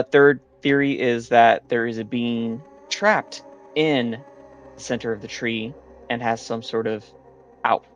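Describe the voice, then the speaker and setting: A man's voice: medium pitch, vocal fry, dull audio. A man casually recapping the last session of a tabletop game, rambling with many fillers and restarts.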